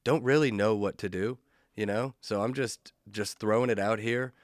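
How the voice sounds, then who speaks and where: A man's voice: on the low side, steady tone, normal speed, no room sound, clean studio sound. A male comedian hosting his own podcast, telling stories alone in a laid-back, rambling, profane, self-mocking way. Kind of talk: casual solo podcast storytelling.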